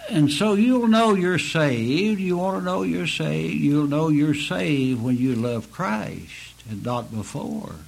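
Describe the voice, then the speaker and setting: Male preacher, slightly high husky voice, slow deliberate pleading delivery. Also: rough recording. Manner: slow, earnest pleading preaching with rising emphatic peaks. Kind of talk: sermon.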